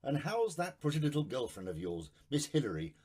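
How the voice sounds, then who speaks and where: A man's voice: mid-range voice, very animated, a little fast, dark tone, slightly rough. A man doing a blustering, bullying village cop. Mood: suspicious. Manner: blustering, suspicious, threatening. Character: bullying middle-aged male village policeman.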